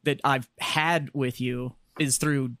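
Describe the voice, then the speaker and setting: A man's voice: medium pitch, fairly even intonation, slow, a bit bright, no room sound, studio quality. A man co-hosting a podcast, rambling and swearing in casual banter.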